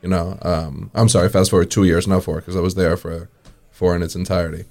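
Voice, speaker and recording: Low-voiced New man telling a story. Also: fairly quick, gravelly. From New York area. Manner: lively storyteller, chuckles often, many fillers. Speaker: guest. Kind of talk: casual storytelling.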